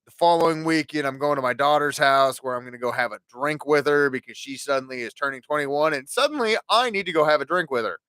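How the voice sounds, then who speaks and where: A man's voice: on the high side, fast, hardly any pauses, bright, forceful tone, clear, resonant tone, no echo. Swearing, ranting podcast host man. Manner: profane ranting storyteller. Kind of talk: casual podcast monologue.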